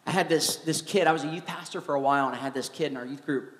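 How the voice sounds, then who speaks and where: A man, a former youth pastor, giving a live preaching talk in an animated, joking storytelling manner in a large church hall. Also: on the high side, quick pace, a little hiss or hum. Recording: echoey hall with long reverb.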